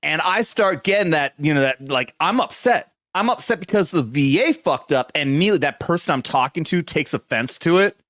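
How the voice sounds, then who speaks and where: Profane, animated veteran podcast host. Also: male voice, on the high side, brisk, few pauses, dry recording, studio quality. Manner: profane, animated, reads out live chat. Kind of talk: casual chat.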